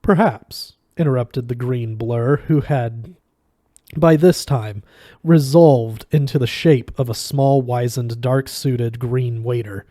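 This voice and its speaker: Mellow-voiced man reading a novel. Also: mid-range voice, no room sound, studio quality. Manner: measured, expressive narration. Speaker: reader.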